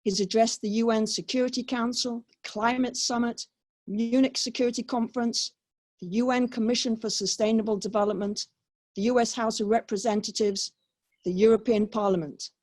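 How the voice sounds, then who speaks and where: A woman moderating a webinar, reading a measured, scripted introduction of a guest. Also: fairly high pitch, steady tone, a little mellow, no echo. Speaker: co-host, moderator. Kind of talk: read-out introduction. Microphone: video call.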